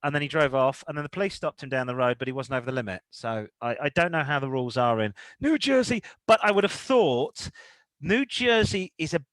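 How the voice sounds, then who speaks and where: A man's voice: a little high, expressive, a little fast, no room sound. A man hosting a car podcast, reading news stories with rambling, jokey asides. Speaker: podcast host.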